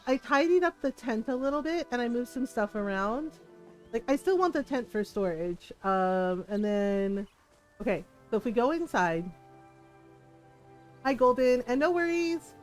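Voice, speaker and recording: A woman's voice: sits high, darkish tone. A middle-aged woman streamer chatting casually while gaming, telling a story with frequent laughter and acted-out quotes.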